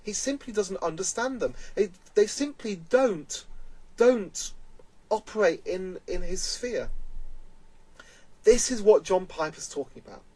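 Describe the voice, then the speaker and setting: A man talking in an earnest, emphatic way, with a voice pitched a little above most men's. He speaks as a vlogger giving casual commentary and circles back to press his points home. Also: animated, measured pace, dark tone, dry recording, poor audio.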